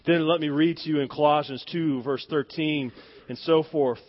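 A man's voice: a little high, normal speed. Emphatic male preacher, lo-fi sound. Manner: emphatic preaching, swings from soft near-whispers to loud stressed words; asks the congregation to repeat phrases. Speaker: pastor. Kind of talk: sermon. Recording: dull lo-fi sound.

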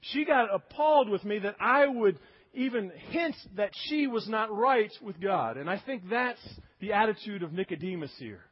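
A man's voice: high-pitched, lively intonation, normal speed, breathy edge, dull audio. A man preaching a sermon, emphatic, acting out quoted voices as he goes. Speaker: pastor.

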